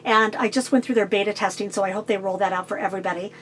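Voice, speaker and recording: A middle-aged woman vlogger answering viewer questions about her life on the road, talking fast and getting straight to the point. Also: medium pitch, steady tone, a little hiss or hum. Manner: fast, to-the-point talker who cuts out filler. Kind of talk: casual direct-to-camera Q&A.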